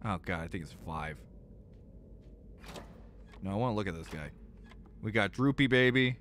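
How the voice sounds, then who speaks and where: A young man streaming a game and talking to his viewers, exasperated and swearing often, swinging from loud outbursts to low mutters. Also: animated, moderate pace, slight background noise. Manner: exasperated, swears a lot, repeats himself when frustrated. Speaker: gaming streamer. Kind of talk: live gameplay commentary.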